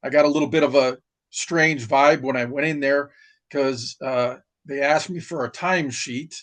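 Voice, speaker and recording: A middle-aged retired Marine from New York, telling stories in casual chat with plenty of fillers and restarts. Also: male voice, medium pitch, fairly even intonation, normal speed, a bit bright. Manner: rambling, many restarts and fillers. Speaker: podcast guest, retired Marine. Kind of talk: casual storytelling.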